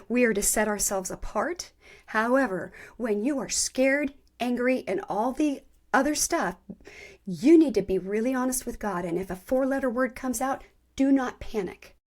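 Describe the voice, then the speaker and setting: A woman hosting a faith podcast, telling a personal testimony in a candid, earnest way and sometimes laughing at herself. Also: mid-range voice. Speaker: podcast host.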